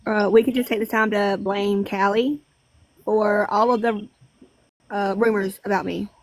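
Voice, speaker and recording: A woman's voice: medium pitch, steady tone, unhurried, no echo. A woman in a casual livestream chat, joking, swearing freely and laughing often.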